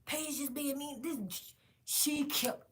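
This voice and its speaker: A woman vlogger telling a casual storytime monologue straight to her viewers, animated and emphatic, with plenty of swearing. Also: high voice, slow pace. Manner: directly addresses viewers.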